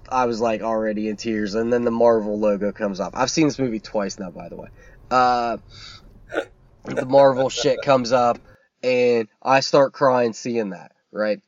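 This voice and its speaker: This is a man recapping a film for a podcast in a loose, rambling way, tossing in curse words and endless fillers. His voice sits at an ordinary pitch. The sound is dry and a bit muffled, like a modest home recording. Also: no room sound. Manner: rambling, profane, lots of fillers. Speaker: podcast co-host. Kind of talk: casual chat, movie recap.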